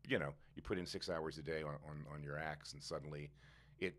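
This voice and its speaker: Low-voiced bright man in his sixties. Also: a little fast. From United States. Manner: animated storyteller, jumps up in pitch when indignant. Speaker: guest chef. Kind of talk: casual podcast interview.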